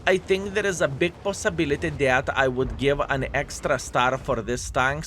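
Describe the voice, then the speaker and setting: A man's voice: mid-range voice, fairly bright tone, a little hiss or hum. Sarcastic male gameplay commentator. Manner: sarcastic, repeats phrases, many fillers. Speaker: game commentator.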